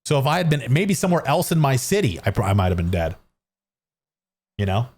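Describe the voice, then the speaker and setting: A man's voice: medium pitch, sing-song, a little fast, darkish tone, husky. A man streaming from his home gaming setup on a studio microphone, telling a story in a rambling, self-mocking way full of restarts and fillers. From Canada. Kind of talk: casual storytelling while gaming. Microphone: studio dynamic microphone.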